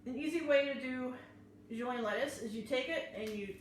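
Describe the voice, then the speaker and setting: A woman's voice: high voice, moderate pace, a little hiss or hum. A woman hosting a live cooking class, chatting her way through each step as she chops and prepares food in a kitchen. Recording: very echoey room, mic far off.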